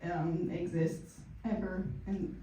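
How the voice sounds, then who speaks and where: A woman graduate thanking her friends, halting and close to tears, in a large room. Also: on the low side, level tone, dark tone. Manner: tearful, halting. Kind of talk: emotional casual speech. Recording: echoey room, from far off, noisy.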